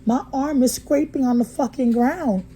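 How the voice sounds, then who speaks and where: A woman vlogger, telling a story in a blunt, profane way that moves from hushed to heated. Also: high-pitched, normal speed, husky, low-quality recording. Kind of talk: casual storytime vlog. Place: motel room.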